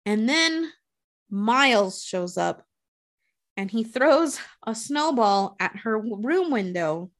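She has a slightly high voice and a slow delivery, casually narrating a film's plot. Profanity comes often, and she performs the characters' lines with animation.

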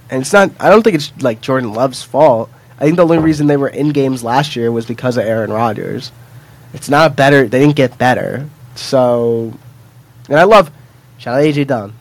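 A man at a middle pitch co-hosts a sports podcast. His talk is loose and joking, full of fillers and side remarks. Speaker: podcast co-host. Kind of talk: casual sports podcast chat.

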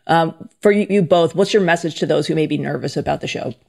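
A man's voice: on the high side, fast, gravelly. A man interviewing guests, asking questions in an earnest, chatty way.

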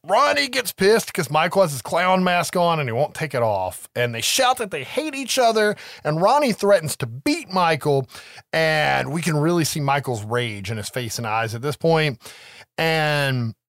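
A man recaps a horror movie scene by scene in a casual, animated way, cursing freely and acting out the characters' lines in their voices. His fairly high voice moves at normal speed, with clean studio sound and no room echo.

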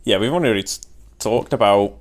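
Low-voiced man giving short dry replies. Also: fast talker. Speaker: podcast co-host. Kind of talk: casual chat.

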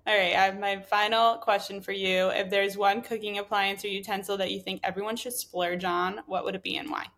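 A woman hosting a podcast interview, her voice hoarse and giving out, chatty and full of strong opinions. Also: mid-range voice, little pitch movement, fairly quick, a bit bright. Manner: chatty, opinionated hot takes. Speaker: podcast host. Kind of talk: casual interview chat.

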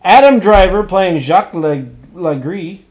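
Excitable man, slightly higher voice. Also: unhurried. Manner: excitable, swings from hushed asides to loud outbursts. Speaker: podcast co-host. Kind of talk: casual chat about movies.

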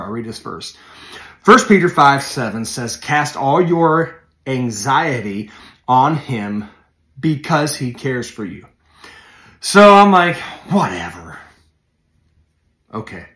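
A man's voice: medium pitch, fairly bright tone. A preacher in his forties talks through his podcast in an easy, rambling way, full of ums and restarts. He stresses the words he cares about. His mid-range voice sounds roomy, with the walls coming back on it. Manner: conversational, many fillers and self-corrections, leans in on key phrases. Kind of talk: casual devotional podcast talk.

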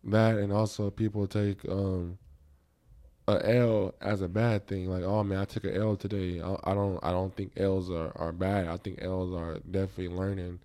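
A man's voice: sits low, flat delivery, moderate pace, mellow. A man hosting a podcast in casual chat, reflective and rambling, with many fillers and restarts. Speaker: podcast host.

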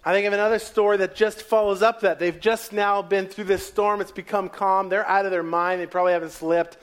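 High-voiced male preacher. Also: fairly even intonation, a little fast. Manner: storytelling, dropping to quiet asides. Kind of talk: sermon.

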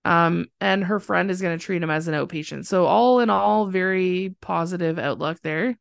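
A woman co-hosting a podcast, recapping a TV episode in a soft, hesitant way with many fillers. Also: on the low side, normal speed, gravelly, clean tone, dry recording, clean studio sound. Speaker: podcast co-host. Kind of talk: casual chat recapping a TV episode.

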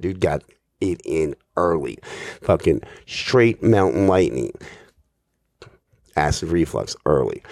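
A man with a deep, low voice delivers a stand-up comedy story, rambling and swearing nearly every line. He mocks himself as he goes. The sound is close and dry with no room echo. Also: a little mellow. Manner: rambling, swears constantly, self-mocking.

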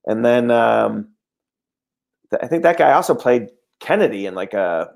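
A man, an actor chatting in a loose, halting way, often stopping to search for words. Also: mid-range voice, lively intonation, creaky, a little mellow. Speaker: actor and podcast guest. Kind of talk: casual comedic chat.

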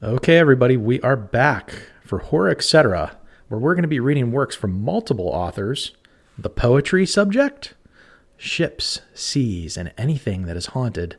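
A man's voice: mid-range voice, big pitch swings, moderate pace. A man hosting a podcast in casual chat, playful and giggly. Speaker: podcast host.

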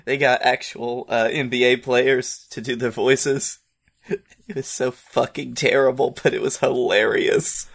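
A man co-hosting a casual wrestling podcast, telling stories in a relaxed, amused way. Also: medium pitch, unhurried, creaky, slightly rough. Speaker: podcast co-host.

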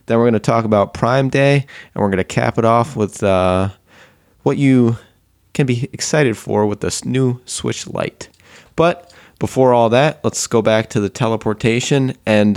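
A man's voice: medium pitch, unhurried, a little mellow, clean tone, dry recording, clean studio sound. A man co-hosting a podcast, chatting casually and playfully as he runs down the topics. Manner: playful, lays out topics in a run-down. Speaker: podcast co-host.

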